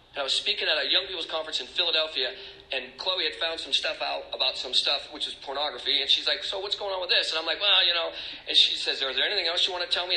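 A man's voice: a little high, pushed and bright, reverberant, rough recording. A middle-aged man speaking as a recovery speaker, emotional and confessional, rambling with restarts. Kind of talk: personal testimony talk.

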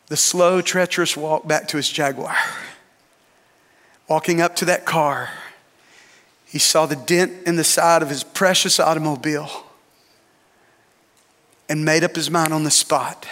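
Male pastor preaching, high bright tone, in a hall with long reverb. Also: steady tone, a little slow, pauses often. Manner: emphatic preaching with dramatic repetition. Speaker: lead pastor. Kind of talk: sermon.

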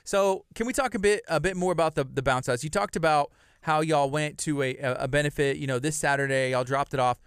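A man hosts a relaxed local interview in an easygoing way and laughs easily. His voice sits fairly high and sounds clear. The recording is close and dry. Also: fairly quick, hardly any pauses, no echo. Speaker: host. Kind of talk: casual interview.

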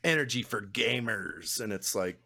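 A man's voice: fairly low pitch, expressive, normal speed, creaky, pushed and bright. A young man chatting casually as a podcast co-host, rambling, swearing freely and laughing often. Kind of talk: casual chat.

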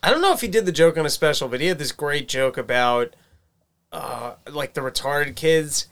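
A man's voice: on the high side, lively intonation, moderate pace, fairly bright tone. A man co-hosting a casual podcast, chatting and laughing through rambling asides in a small studio. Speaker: podcast co-host. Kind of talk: casual banter.

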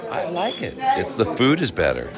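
A man's voice: medium pitch, wildly swooping pitch, loud music behind the voice. An older American man from Alaska, a guest in a wine bar who jokes and quips with the host. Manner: joking and playful, quick with a quip. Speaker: bar guest, traveling retiree. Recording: noisy crowded bar.

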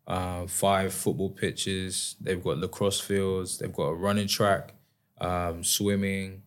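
Deep-voiced guy chatting loose in an interview, lots of um and like, easygoing. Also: takes it slowly. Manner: relaxed, rambling, many fillers, laughs often. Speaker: guest, professional athlete. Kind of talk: casual interview chat.

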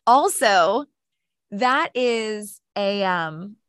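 A woman's voice: medium pitch, animated, very slow, a bit bright, clean tone, dry recording, clean studio sound. A woman co-hosting a podcast, retelling a TV episode in casual chat and acting out the characters' lines, with lots of "like". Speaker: podcast co-host. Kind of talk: casual chat recapping a TV show.

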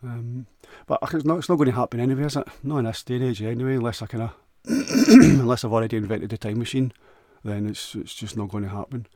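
A man's voice: mid-range voice, fast, darkish tone, dry recording. A man with a Scottish accent rambling crudely through a jokey solo monologue, often restarting and stumbling over words.

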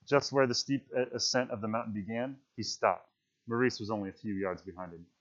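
A man reading a novel aloud in steady, measured scripted narration. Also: on the low side. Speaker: audiobook narrator. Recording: dull lo-fi recording.

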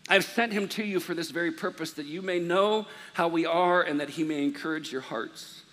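A man's voice: fairly high pitch, moderate pace. A man preaches from a stage mic, his slightly raised voice ringing through a large hall with long reverb. He tells funny everyday stories and plays every person in them, moving between joking and earnest encouragement. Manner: animated, jokey, acts out both sides of conversations. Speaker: pastor. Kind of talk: sermon with comic storytelling.

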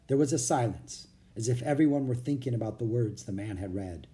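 A man narrates a children's adventure book aloud with expressive, storytelling delivery. His voice is warm and dark in tone, and it rises and falls with the action. He paces the story for young listeners. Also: medium pitch, brisk, few pauses. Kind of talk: audiobook reading for children.

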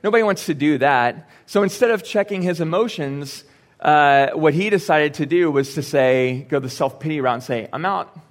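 Young male pastor, casual sermon delivery, higher voice, playful asides. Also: normal speed. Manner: conversational, joking asides, acts out quoted lines. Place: church sanctuary.

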